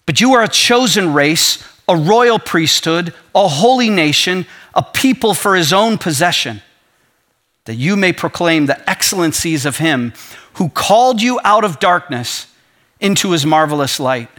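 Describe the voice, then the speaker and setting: A man's voice: sits high, expressive, measured pace, a bit bright. A man preaching a sermon as pastor, reading scripture and growing impassioned as he builds his point.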